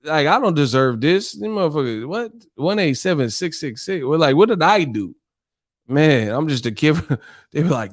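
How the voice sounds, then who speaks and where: A man's voice: fairly high pitch, lively intonation, moderate pace, no room sound, studio quality. A man hosting his own stream rants in a loose, casual way, swearing freely and sounding exasperated. His voice sits a little above the usual male range, and he breaks into laughter often. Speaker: streamer host. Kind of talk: casual live stream rant.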